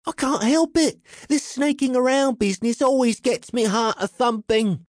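A man's voice: normal speed, no echo, clean studio sound. A man voicing a tall, nervous Cockney crook in an audiobook, fidgety and chatty. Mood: anxious. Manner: fidgety, chatty, pitched far above the narrator. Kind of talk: audiobook character voice.

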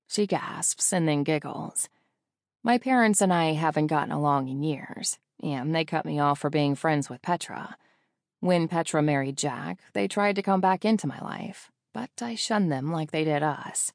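A woman narrates a first-person romance audiobook in a fairly low voice with a gravelly touch of vocal fry. Her reading is intimate and wistful. The recording is dry and close to the mic. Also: unhurried, no room sound.

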